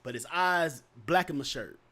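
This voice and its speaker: A man talking in a relaxed podcast chat, telling stories and swinging between an excited high voice and a deep, low one. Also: normal speed. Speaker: podcast co-host. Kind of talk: casual chat.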